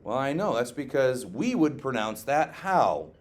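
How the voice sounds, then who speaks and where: A male teacher giving a classroom history lecture, lively and joking, asking the class questions and tagging on "okay?" often. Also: medium pitch, unhurried. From Scotland.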